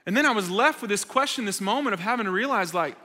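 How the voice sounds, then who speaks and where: A man's voice: high voice, lively intonation, fast, pushed and bright. A man preaching to young adults, telling stories in a conversational, emphatic way with self-deprecating humor. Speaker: speaker at a young adults' church gathering. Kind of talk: sermon. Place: church meeting hall. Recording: reverberant hall sound.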